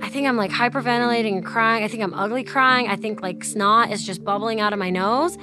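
A woman's voice: on the high side, fairly quick, over music. A woman in her thirties telling a personal story in a casual, chatty way, acting out the dialogue and saying "like" a lot. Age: 30s. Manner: chatty, acts out quoted dialogue, heavy use of "like". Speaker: interviewee.

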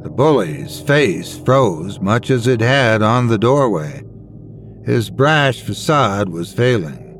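A man narrating a first-person horror story in a dramatic, expressive way. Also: fairly low pitch, takes it slowly, a little hiss or hum.

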